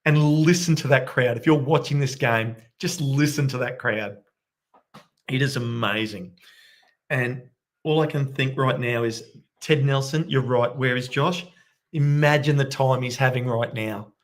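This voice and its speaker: A man giving excitable live play-by-play commentary as a fan watchalong host, keeping his voice down at home late at night. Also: mid-range voice, a little slow. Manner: excitable, bursts into loud cheering; kept quiet since it is night at home. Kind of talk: live match commentary for viewers.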